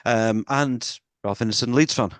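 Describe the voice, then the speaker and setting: A man's voice: mid-range voice, unhurried, clear, resonant tone, dry recording. A man co-hosting a film podcast, blunt and questioning in casual chat.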